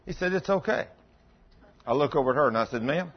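The recording of this sermon is dull and lo-fi. The man speaking has a slightly rough voice with lively intonation and a fairly quick pace, telling folksy stories, performing the dialogue, and dropping into low, intense tones.

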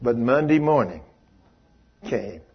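A man's voice: mid-range voice, expressive, slow pace, slightly rough. A man preaching a sermon as a story, folksy and fervent, turning commanding when he rebukes demons. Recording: dull lo-fi sermon recording.

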